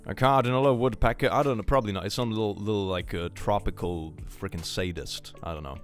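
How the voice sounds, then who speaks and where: A man's voice: fairly low pitch, fast, faint music behind. A young man chatting casually on a live stream, joking and laughing often.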